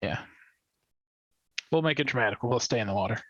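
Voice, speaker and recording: A man with a husky voice plays a tabletop mech game, casual and joking. The recording is dry and somewhat dull, with no room echo. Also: medium pitch, animated, a little fast, a bit bright. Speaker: player.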